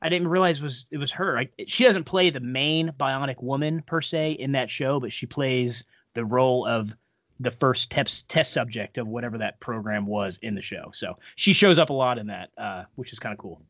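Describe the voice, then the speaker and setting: A man's voice: mid-range voice, normal speed, a bit bright, no room sound. A man co-hosting a podcast, chatting casually with loose, profane joking asides. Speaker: podcast co-host. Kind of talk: casual chat.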